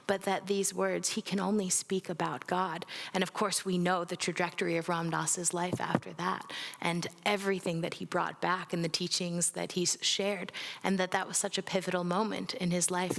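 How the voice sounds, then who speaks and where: A woman leading a spiritual class, telling stories in a relaxed way and acting out the voices she quotes. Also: fairly low pitch, creaky. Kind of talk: storytelling talk to a class. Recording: long hall reverb.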